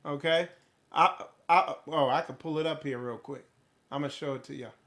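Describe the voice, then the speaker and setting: Male streamer, high voice, rambling delivery, asks rhetorical questions, swears casually. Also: moderate pace, fairly bright tone. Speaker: host of a spiritual livestream. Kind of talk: casual livestream talk to viewers.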